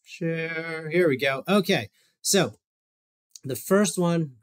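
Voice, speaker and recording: A man's voice: on the high side, slow. A man, a physical therapist, giving a loose, conversational talk over a video call while walking through exercise videos, with fillers and asides. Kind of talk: casual presentation over shared screen.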